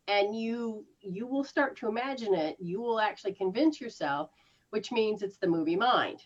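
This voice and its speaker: Speaking at normal speed in a slightly high voice, a woman spiritual healer gives a casual one-on-one coaching session live. She acts out reactions with gasps and laughs, and the audio is muffled.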